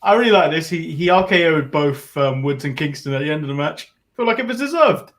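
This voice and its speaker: A man's voice: on the high side, expressive, a little fast. A man co-hosting a casual wrestling recap, playful and rambling, often stumbling over his words. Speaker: podcast co-host.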